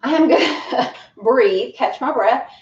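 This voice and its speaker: Woman fitness instructor, winded, cheerful coaching, unhurried; roomy far-off home recording. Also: high voice, expressive, a little mellow, dull audio. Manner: encouraging, chatty, laughs often. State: out of breath. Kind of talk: home workout class.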